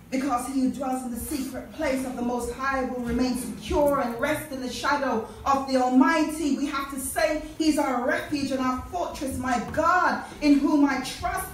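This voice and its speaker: A woman's voice: sits high, fairly even intonation, normal speed, hardly any pauses, a little hiss or hum. A Jamaican woman preacher giving a fervent sermon, quoting scripture to a church congregation. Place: large church. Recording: echoey church from far off.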